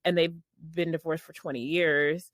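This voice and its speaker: A woman's voice: low-pitched, steady tone, normal speed, no room sound, clean studio sound. A young woman co-hosting a podcast, chatting casually in a blunt, sarcastic way and laughing often. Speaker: podcast co-host. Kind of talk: casual gossip chat.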